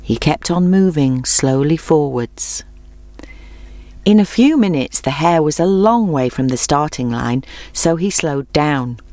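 Woman reading a kids story, lowish voice, dry close sound, measured. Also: animated, mellow, no echo. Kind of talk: storybook narration.

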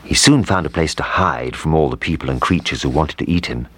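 A man reading a children's storybook aloud, in an animated, expressive way. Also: rumbling low, fairly quick, husky. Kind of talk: storybook narration.

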